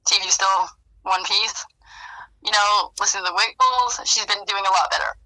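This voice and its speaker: A woman's voice: medium pitch, normal speed, pushed and bright, no room sound. Rambling woman on a phone call. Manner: rambling, tearful at times. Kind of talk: emotional phone conversation.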